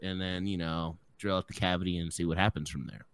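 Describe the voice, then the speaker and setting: A man's voice: sits low, fairly quick, fairly bright tone, clear, resonant tone. Swearing young man telling a long story. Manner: swearing storyteller, acting out other people's lines. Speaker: podcast co-host. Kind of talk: casual chat.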